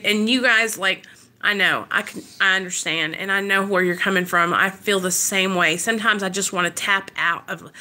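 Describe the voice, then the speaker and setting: A young mother talks straight to her viewers in a loose, candid live chat. Her voice is bright and forward, and she rambles along, filling her sentences with "like" and "you know". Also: mid-range voice. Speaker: mother sharing her recovery in a live video.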